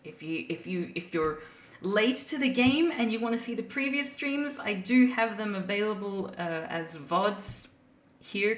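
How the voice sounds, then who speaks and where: Woman, live streamer, casual chat, giggly, lively swooping pitch, roomy echo. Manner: playful, giggly, reacts to chat. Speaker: live streamer reading comics.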